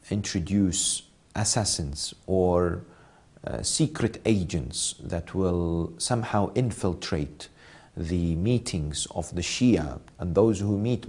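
Deep-voiced man narrating history. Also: a little mellow, breathy edge. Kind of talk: historical storytelling.

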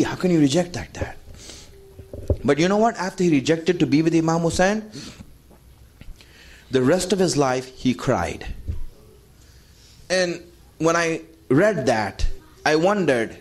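A man's voice: fairly high pitch, a little mellow. A man delivering an emotional religious sermon, pleading with his listeners and moving between storytelling and impassioned cries. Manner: storytelling, addresses audience as friends. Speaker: preacher.

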